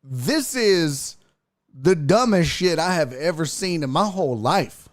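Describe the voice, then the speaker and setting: A man's voice: a little high, a little slow, no echo, studio quality. A man hosting a casual live-streamed sports show, ranting and cursing freely. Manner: profane, ranting, animated.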